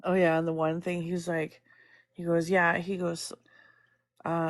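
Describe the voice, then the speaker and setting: A woman's voice: lowish voice, flat delivery, moderate pace, no room sound. A woman gossiping casually on a livestream, rambling, swearing freely and laughing often. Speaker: guest chatting on stream.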